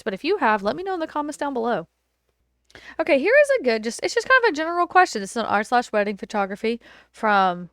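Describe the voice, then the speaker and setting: A woman podcast host and wedding photographer telling a story in a chatty, animated way, with lots of fillers and acted-out quotes. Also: fairly high pitch, no echo, clean studio sound. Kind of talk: casual storytelling chat. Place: home.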